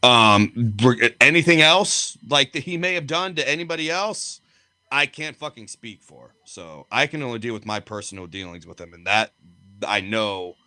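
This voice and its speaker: A man's voice: mid-range voice, expressive, moderate pace, bright, forceful tone, no echo. A man co-hosting a podcast, telling blunt, profanity-laced stories in casual chat. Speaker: podcast co-host and wrestler.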